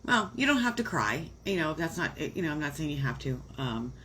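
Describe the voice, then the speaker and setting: Here a woman with a low, very animated voice gives astrology readings live, talking a little fast with a slight hiss or hum on the audio. Her chatty, warm delivery is full of fillers, and she becomes emotional over her viewers.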